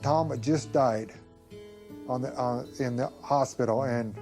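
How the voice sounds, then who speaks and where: A man haltingly recalling a painful moment in a documentary interview. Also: mid-range voice, a little mellow, soft background music.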